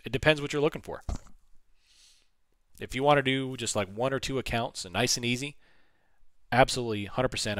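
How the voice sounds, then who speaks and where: A man hosting a casual trading livestream, his voice hoarse from talking, answering viewer questions and reading numbers off charts. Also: mid-range voice, brisk, pauses often, fairly bright tone, no echo, clean studio sound.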